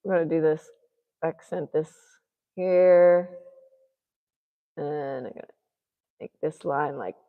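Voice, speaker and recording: Woman artist, chatty and rambling as she paints, low voice with a lingering reverb. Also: normal speed, long pauses, narrow, tinny audio. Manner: chatty, rambling, thinks aloud. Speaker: artist livestreaming a painting session. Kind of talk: casual chat while painting.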